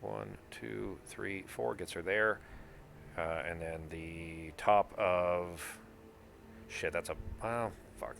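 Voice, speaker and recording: A man's voice: deep voice, vocal fry, fairly bright tone, a little hiss or hum. A man acting as game master for a tabletop board game, thinking aloud, counting moves and swearing casually.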